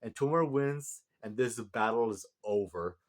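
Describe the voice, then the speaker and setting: A man voicing an old, lordly king of the gods who muses slowly. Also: medium pitch, expressive, natural voice. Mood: musing.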